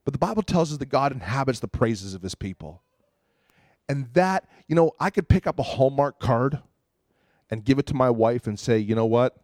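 A man preaching a sermon in a plain, conversational way. He is earnest and slips into acted-out quotes and short prayers. His voice sits at an ordinary pitch in a dry, close recording. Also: animated, fairly quick, a little mellow, dry recording. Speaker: pastor.

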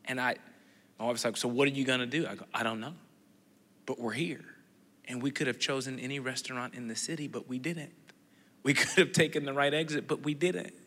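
Animated stammering preacher in a reverberant hall. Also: male voice, mid-range voice, fairly quick. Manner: stammering, animated storytelling with acted dialogue. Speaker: pastor. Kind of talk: sermon storytelling.

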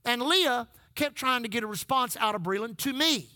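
Pastor guy, real high bright voice, dry close sound, chatty sermon stories. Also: expressive, moderate pace, no echo. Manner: folksy storytelling preacher, calls out to the congregation.

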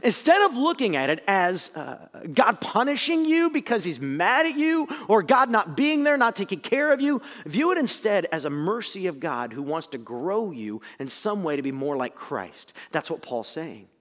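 A male pastor preaching a sermon in a conversational, animated way, swinging between loud emphasis and quiet asides in a church sanctuary. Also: sits high, normal speed, hardly any pauses. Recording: long hall reverb.

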